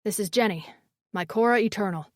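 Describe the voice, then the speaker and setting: A woman voicing a large, tender alien warrior man in an audiobook, speaking soft and low. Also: fairly quick, no room sound, studio quality, lightly acted. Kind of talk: audiobook character voice.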